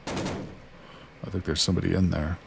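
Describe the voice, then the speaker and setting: A man with a lowish voice talking through a survival game in a loose, chatty way. He narrates his moves and talks to his character as he goes. Faint background noise sits under his voice. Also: flat delivery, measured pace, creaky. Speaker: gaming streamer. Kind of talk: casual let's-play commentary.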